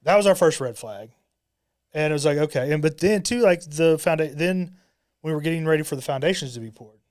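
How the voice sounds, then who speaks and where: A man with a fairly high, smooth and resonant voice tells a rambling story on a podcast. He slips into the voices of the people he quotes, acting out their lines as he goes. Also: animated, a little fast, a little mellow. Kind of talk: casual podcast chat. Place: podcast studio.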